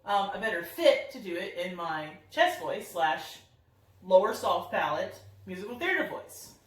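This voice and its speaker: A woman's voice: mid-range voice, big pitch swings, a little slow. A young woman voice teacher explaining singing technique in an upbeat, friendly teaching tone. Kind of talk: singing lesson demonstration. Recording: roomy echo, somewhat far from the mic.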